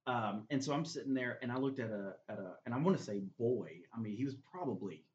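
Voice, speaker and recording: A man's voice: medium pitch, lively intonation, fast talker, darkish tone. A man telling a faith story as a guest, earnest and full of "man" fillers. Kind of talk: faith testimony in conversation. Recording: roomy, slightly dull recording.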